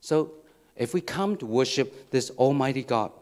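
A man's voice: medium pitch, expressive, normal speed, darkish tone. Man preaching with frequent restarts. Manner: repetitive, restarts phrases, asks "okay?" and "right?". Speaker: pastor. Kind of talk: sermon.

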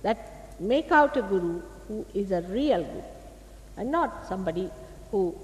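On an old archive tape with faint hiss and the echo of a large public hall, a spiritual teacher speaks emphatically to her audience. She is a woman with an Indian accent whose medium-pitched, slightly mellow voice moves at a moderate pace and is expressive as she admonishes listeners and asks rhetorical questions.

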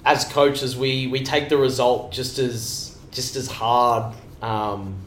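A man, a bodybuilding coach, chatting casually as a podcast guest, animated and acting out quotes with casual swearing. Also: medium pitch, takes it slowly, a little hiss or hum. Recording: roomy room sound.

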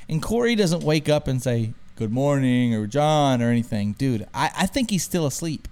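A man's voice: a little high, brisk. A young man hosting a podcast, telling a story in casual chat, acting out what people said and saying "dude" a lot. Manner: animated storyteller, says "dude" a lot, acts out quotes. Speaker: podcast host.

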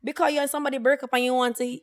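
A woman's voice: sits high, rapid-fire. A woman co-hosting a podcast, telling stories in casual chat with patois and acted-out quotes. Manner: animated storytelling with patois and quoted voices. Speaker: podcast co-host.

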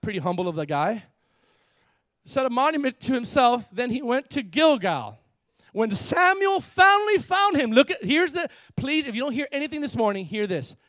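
A man preaching a lively sermon, reading scripture and repeating his words with frequent laughs. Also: extremely high pitch, a little fast, no echo, studio quality. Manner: animated, repeats words, laughs often, acts out characters. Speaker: pastor.

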